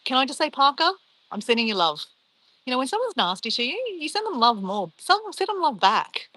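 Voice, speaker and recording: Australian woman, middle-aged, livestream host; bright, slightly high voice, chatty and unbothered. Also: big pitch swings, a little fast, no echo, rough recording. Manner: chatty, upbeat, brushes off insults. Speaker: livestream host reading chat. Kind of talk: casual livestream chat.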